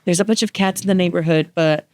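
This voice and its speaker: A woman's voice: fairly low pitch, fairly even intonation, fast, darkish tone, no echo. A woman in her twenties co-hosting a podcast, telling a story expressively and acting out the voices of the people in it. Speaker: podcast co-host. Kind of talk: casual chat.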